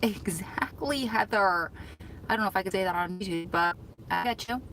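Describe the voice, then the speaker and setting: A woman livestreams casually from her car, parked in a store parking lot, chatting and reacting to viewer comments on her phone. Her mid-range voice is a bit bright at a moderate pace. The audio is poor, with faint music behind her.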